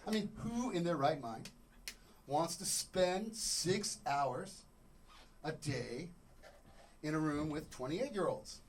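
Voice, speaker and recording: A man doing a stand-up comedy set on a club stage, rambling and joking, acting out little scenes with sudden shouts. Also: on the high side, animated, takes it slowly, pauses often, slight background noise.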